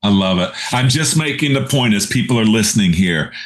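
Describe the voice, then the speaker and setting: Enthusiastic podcast host, low-voiced man. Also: lively intonation, brisk. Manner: enthusiastic, rambling questions. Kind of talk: casual podcast interview. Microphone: video call.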